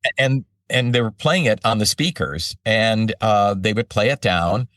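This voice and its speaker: An older man with a deep, low voice tells animated stories as an interview guest. He sits a little back from the microphone in a dry, dead-sounding room. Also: a little slow, dry recording, far from the mic. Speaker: voice-over artist and guest. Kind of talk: casual interview storytelling.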